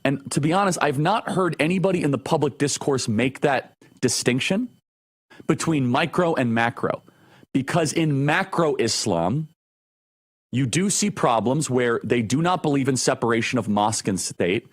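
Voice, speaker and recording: A man's voice: mid-range voice, lively intonation, normal speed. A man hosting a talk show, delivering an opinionated monologue with emphatic, repeated phrases.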